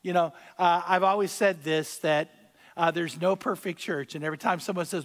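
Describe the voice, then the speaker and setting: A man preaching a sermon as pastor, speaking conversationally, repeating key phrases and swelling louder on his points. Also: high-pitched, fairly even intonation, normal speed, in a large hall. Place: church sanctuary.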